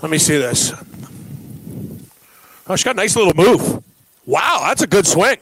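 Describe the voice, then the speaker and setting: A man's voice: sits high, big pitch swings, normal speed, a bit bright, slight background noise, rough recording. A man co-hosting a casual sports talk show, reacting with enthusiasm and telling his own story. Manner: enthusiastic reactions, easily moved. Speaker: sports radio co-host.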